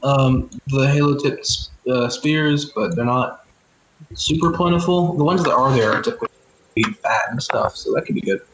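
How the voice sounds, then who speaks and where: A man's voice: mid-range voice, normal speed, noisy background. A man in casual speech, narrating a tabletop game as game master, loose and full of fillers. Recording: roomy echo.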